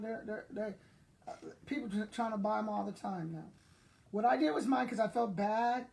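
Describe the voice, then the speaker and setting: An older vlogger and online seller, her voice medium-pitched, mellow, and husky, tells casual stories to the people watching. She laughs, chats, and speaks right to them over a low-quality recording.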